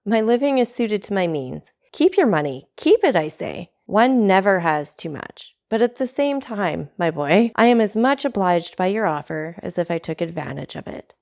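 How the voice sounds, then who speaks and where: A woman voicing an envious male tailor neighbor with a glib, ingratiating manner, in an audiobook reading with a gravelly tone. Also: mid-range voice, very animated, normal speed, hardly any pauses, darkish tone. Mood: fawning.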